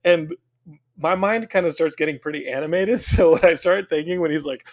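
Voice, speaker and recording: A young man co-hosting a podcast, telling stories in a casual, animated way. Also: fairly high pitch, brisk. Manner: animated, does voices of family members. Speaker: podcast co-host. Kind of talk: casual storytelling chat.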